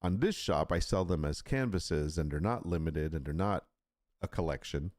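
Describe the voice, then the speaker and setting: Man, low voice, lively swooping pitch, rambling casual stream chat, dry close mic. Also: normal speed, no room sound. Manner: rambling, animated, with frequent restarts and asides. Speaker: live stream host, print-on-demand seller.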